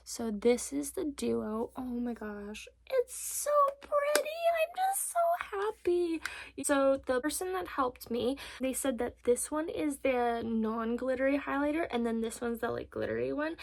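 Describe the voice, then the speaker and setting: A woman's voice: on the high side, normal speed, vocal fry, hardly any pauses, a little mellow, slight background noise. A woman of twenty-two chatting in a bubbly, gushing way about her makeup purchases as a beauty vlogger. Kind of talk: casual makeup haul chat.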